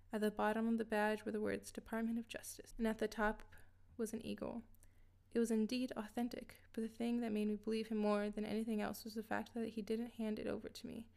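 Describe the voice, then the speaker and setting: A woman reading a scripted first-person story in a steady, even way. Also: fairly high pitch, gravelly. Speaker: narrator.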